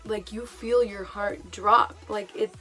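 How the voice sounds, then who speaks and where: A woman's voice: mid-range voice, fairly even intonation, slow, bright, forceful tone, faint music behind. A young woman vlogger telling a personal story in a casual, emotional way, with many fillers.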